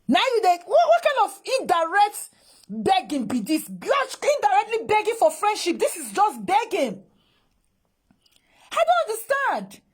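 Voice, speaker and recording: A woman with a Nigerian accent, ranting in exasperated reaction commentary, mixing Pidgin and English. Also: extremely high pitch. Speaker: social media commentator.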